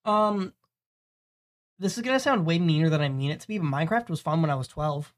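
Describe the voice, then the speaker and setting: A man's voice: fairly high pitch, animated, a little fast. A man in his twenties co-hosting a casual podcast, bantering emphatically and swearing freely. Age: 20s. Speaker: podcast co-host. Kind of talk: casual chat.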